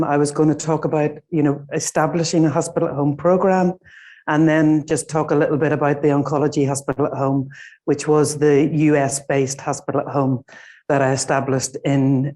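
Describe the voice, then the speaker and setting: Irish woman giving a relaxed conference talk. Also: deep voice, moderate pace. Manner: relaxed, informal, with many fillers. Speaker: conference presenter. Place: small conference room.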